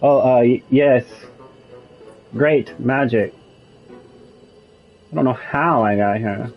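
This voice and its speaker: A man's voice: mid-range voice, lively intonation, takes it slowly, long pauses. A young man casually commenting while playing a video game, making wry jokes and musing aloud. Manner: wry, joking asides, muses aloud. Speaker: gamer. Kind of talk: let's play commentary. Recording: slightly muffled with faint game music.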